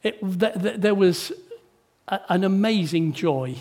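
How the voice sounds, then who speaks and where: Unhurried and expressive, a man whose voice sits high preaches in church, poses rhetorical tag questions to those gathered, and varies his delivery from hushed to emphatic.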